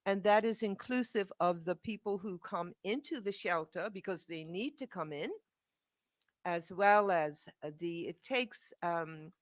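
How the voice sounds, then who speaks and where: A woman's voice: lowish voice, measured pace, no room sound, clean studio sound. Bermudian woman speaking at a press conference. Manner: unscripted, fillers and restarts. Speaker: charity executive director.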